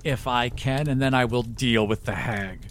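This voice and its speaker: A man's voice: mid-range voice, normal speed, fairly bright tone. A man at a tabletop game, easygoing and a bit hesitant, often restarting his sentences. His voice sits mid-range, with a faint noise behind it. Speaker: player. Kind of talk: casual tabletop play.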